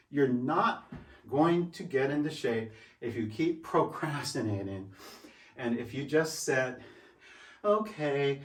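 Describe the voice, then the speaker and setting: A man's voice: mid-range voice, distant mic. A man in his sixties talking casually in a home vlog, a little out of breath, emphatic and repeating his points as he demonstrates. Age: 60s. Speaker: fitness vlogger. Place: room at home. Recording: roomy, from away from the mic.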